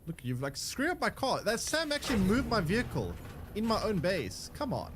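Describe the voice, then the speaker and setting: Young guy streaming, chatting to chat while he plays, pitch bounces around a lot, faint hum behind. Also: huge pitch swings, normal speed. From South Africa. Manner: rambling, answers chat while playing, many restarts and fillers. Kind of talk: casual game livestream chat.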